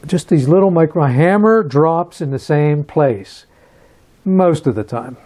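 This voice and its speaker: Man, metalsmith instructor, hands-on demo, halting, repeats himself while working, mellow. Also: on the high side, lively intonation. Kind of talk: hands-on demonstration.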